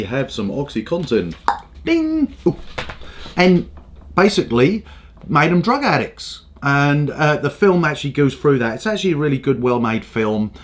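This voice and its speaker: Sweary, animated man ranting. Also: medium pitch. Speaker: host. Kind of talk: ranting comedic commentary.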